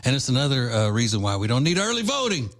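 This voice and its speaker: A man's voice: medium pitch, big pitch swings, fast, vocal fry, fairly bright tone. A man from Louisiana hosting a podcast, giving blunt, combative political commentary with rambling asides. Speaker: podcast host.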